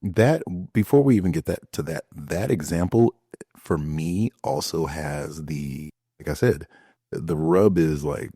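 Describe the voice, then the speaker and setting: A man's voice: very deep voice, expressive, measured pace, dark tone, breathy edge, no room sound, clean studio sound. A man co-hosting a casual podcast, rambling and restarting his sentences as he makes his point. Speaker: podcast co-host. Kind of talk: casual chat.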